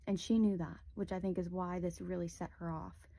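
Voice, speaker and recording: A woman's voice: fairly low pitch, flat delivery, brisk, warm tone. A young woman telling a personal story in a casual, rambling way, full of "like" fillers, close to a phone mic.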